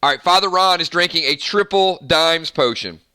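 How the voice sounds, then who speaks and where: A man from the Southern US hosting a live game stream, hyper and rambling with quick asides. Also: fairly high pitch, pushed and bright, smooth. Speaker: game host.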